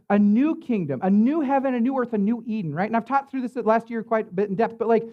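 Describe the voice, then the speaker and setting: A man's voice: extremely high pitch, dull audio. A man preaching as a pastor in a church, in a loose, conversational way, full of fillers and tag questions. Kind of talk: sermon.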